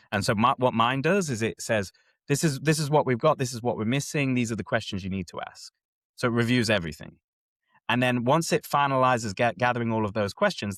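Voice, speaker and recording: A man's voice: medium pitch, no echo. A man hosting a casual chat, explaining step by step and often checking that his co-host is following. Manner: animated, keeps checking in with listener.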